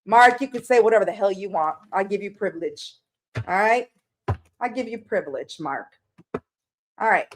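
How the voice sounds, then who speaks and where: A woman's voice: mid-range voice, expressive, normal speed, long pauses. A woman hosting a tarot livestream from her room at home, tearful and emotional as she chats casually and greets viewers by name.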